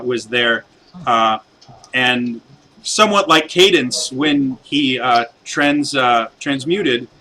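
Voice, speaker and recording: A man's voice: mid-range voice, bright, forceful tone, slight background noise, poor audio. A man narrating as game master, rambling with many fillers and restarts as he describes the scene.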